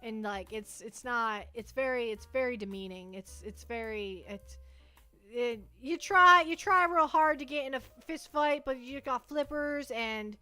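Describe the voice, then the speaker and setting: A woman's voice: a little high, unhurried, bright, forceful tone. A young woman chatting casually on a livestream, rambling playfully and restarting her sentences.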